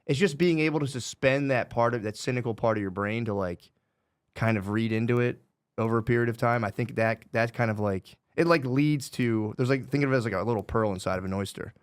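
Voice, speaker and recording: A man's voice: mid-range voice, fairly quick, clear, resonant tone, dry recording, studio quality. A man in his thirties chatting casually as a comedian guest on a podcast, rambling and swearing, with "dude" in every other sentence. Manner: rambling, swears a lot, says "dude" often.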